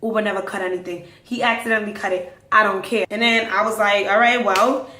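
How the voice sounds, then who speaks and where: A young woman hosting a podcast tells a wild story fast and casually, her voice medium in pitch. She retells it dramatically and animatedly, acting out the quotes, and the distant mic makes it sound roomy.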